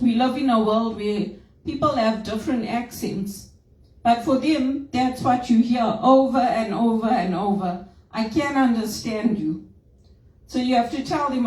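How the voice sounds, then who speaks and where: A middle-aged Zimbabwean woman, with an accent often taken for British, speaks to a group with emphatic, outspoken conviction and a string of rhetorical questions. Her voice is fairly high but mellow. It is picked up from across a roomy space. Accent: Zimbabwean, often heard as British. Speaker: HR professional. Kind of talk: personal talk to a group. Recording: roomy, distant mic.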